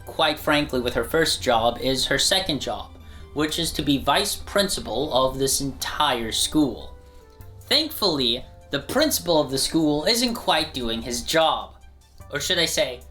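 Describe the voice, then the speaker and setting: A man casually pitches his animated show, joking and chatting as he goes. His voice is bright and forceful, with an energetic, conversational delivery.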